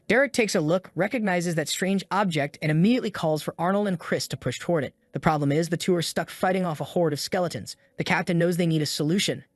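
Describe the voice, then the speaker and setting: Male recap narrator, slightly high voice, rapid delivery over soft background music. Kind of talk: scripted story recap narration. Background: faint background music.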